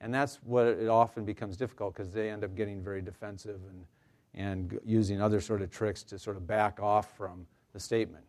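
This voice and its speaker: Male counselor, low voice, relaxed workshop delivery, lots of "uh"s, dry humor, live room. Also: fairly quick. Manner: conversational, many fillers and restarts, light humor. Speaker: counselor leading a staff workshop. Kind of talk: informal workshop presentation.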